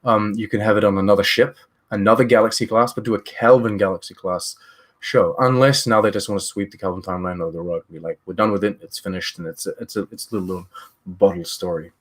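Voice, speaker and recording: A man's voice: on the low side, fairly even intonation, fast. A man from New Zealand chatting casually and with strong opinions on his live stream, rambling with many fillers and restarts.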